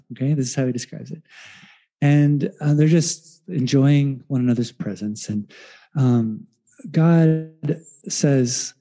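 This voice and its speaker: A man preaching a sermon in a relaxed, conversational storytelling way, with fillers and restarts, who acts out the voices of the people in his story. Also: fairly high pitch. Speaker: pastor.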